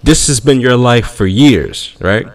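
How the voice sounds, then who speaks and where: A man co-hosting a podcast, telling a comedic story in casual chat and acting out other people's voices. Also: a little slow. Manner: animated, acts out voices in shrieking high tones. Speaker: podcast co-host.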